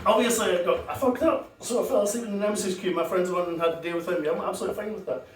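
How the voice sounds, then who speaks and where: A young comedian with a slightly high voice tells crude, self-mocking stories at an open mic. His voice carries from the stage through a handheld mic. The recording comes from far back in a boomy club, with room noise around him. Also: rapid-fire, roomy sound, over music. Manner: self-deprecating, crude storytelling with laughs. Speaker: stand-up comedian. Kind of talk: open-mic stand-up set. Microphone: handheld corded mic, recorded from far.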